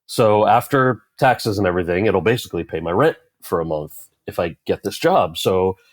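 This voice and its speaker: A man's voice: deep voice, normal speed, no room sound. A man, an actor telling a story as an interview guest and voicing the people in it. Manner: animated anecdote-telling, quoting others in character. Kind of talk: conversational storytelling.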